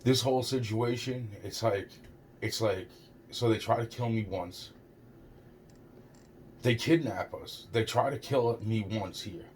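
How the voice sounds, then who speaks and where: A man's voice: fairly low pitch, measured pace, pauses often, a little hiss or hum. A young man rambling through a personal story, stumbling over his words, repeating "it's like" and swearing a lot. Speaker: storyteller recounting a personal experience.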